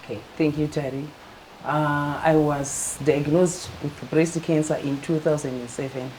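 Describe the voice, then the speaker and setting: A middle-aged woman calmly telling her personal story as an interview guest. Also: low-pitched, measured pace, slight background noise, low-quality recording. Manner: calm, matter-of-fact, acts out quoted dialogue.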